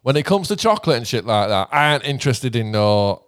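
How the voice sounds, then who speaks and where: British guy, young, casual podcast chat, animated, swears a lot, middle pitch. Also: a little fast. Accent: British English. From Britain. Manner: animated, swearing, laughs often, rambling tangents.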